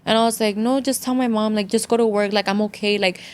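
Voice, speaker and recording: A woman's voice: mid-range voice, fairly even intonation, quick pace. A young adult woman guest, telling a story in casual chat, mixing English and Spanish, with many "like" fillers and an earnest, emotional tone. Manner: earnest emotional retelling, near tears. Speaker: podcast guest.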